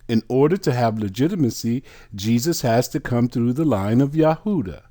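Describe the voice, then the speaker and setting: A man teaching from scripture, reading word definitions aloud in a deliberate, drawn-out way and addressing listeners as brothers and sisters. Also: mid-range voice, expressive, warm tone. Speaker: bible teacher. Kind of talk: slow scripture study teaching.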